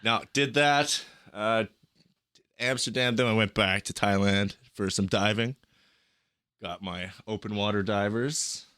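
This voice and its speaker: A man's voice: fairly low pitch, unhurried, pushed and bright, clear, resonant tone, dry recording, studio quality. A young man telling travel stories on a podcast in a rambling, profane, casual way. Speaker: podcast guest.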